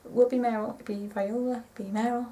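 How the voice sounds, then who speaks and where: A woman in her twenties chatting casually to camera in a rambling, excitable way, often correcting herself. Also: on the high side, quick pace, far from the mic, rough recording. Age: 20s. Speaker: vlogger.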